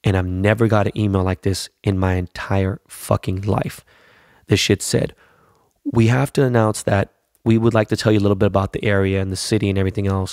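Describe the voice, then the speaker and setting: A middle-aged man talks through a loose, profane podcast monologue, getting hyped as he rambles. His voice sits low and gravelly. The sound is dry and close to the mic. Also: flat delivery, fairly quick, darkish tone, no echo. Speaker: podcast host. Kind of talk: casual monologue.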